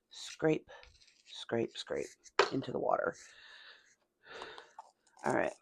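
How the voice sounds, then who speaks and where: A woman's voice: extremely low pitch, vocal fry, warm tone, no room sound. A chatty woman with a Tennessee Southern accent, talking through her miniature painting. She laughs often and mutters and whispers to herself as she works. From Tennessee, USA. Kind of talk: casual hobby vlog.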